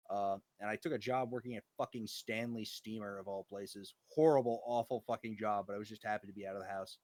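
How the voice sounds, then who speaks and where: A man's voice: fairly low pitch, no echo. A young man co-hosting a casual chat, telling rambling, profane stories with a lot of animation. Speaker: co-host.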